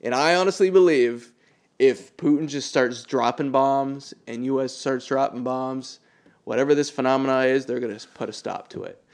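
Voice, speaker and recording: A man's voice: mid-range voice, normal speed. A man hosting a podcast, talking bluntly and with plenty of profanity in casual chat.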